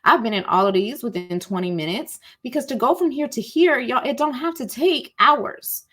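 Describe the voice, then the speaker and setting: A woman's voice: a little high, animated, moderate pace, a bit bright. A woman hosting an online masterclass on emotions, chatty and colloquial, saying "y'all" and acting out example feelings in little voices. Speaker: masterclass host. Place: at home, cozy setting.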